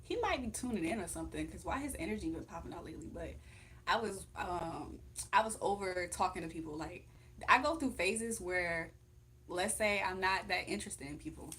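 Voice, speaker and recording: A woman's voice: fairly low pitch, lively intonation, moderate pace, fairly bright tone, a little hiss or hum. A young woman hosting a casual livestream from home, chatting, laughing often and reading comments aloud. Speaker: livestream host.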